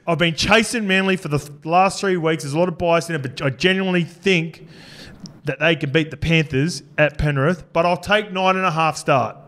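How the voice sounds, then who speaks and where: A man's voice: fairly high pitch, normal speed, fairly bright tone. A man co-hosting a sports podcast, chatting casually and bluntly with frequent swearing. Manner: blunt and loose, swears freely. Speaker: podcast co-host.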